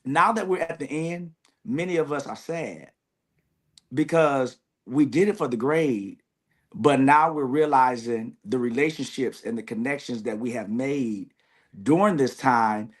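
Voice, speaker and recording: A man's voice: medium pitch, unhurried. A man who is a graduating seminary student, speaking in an earnest, reflective way with many "you know" fillers. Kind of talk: reflective conversation.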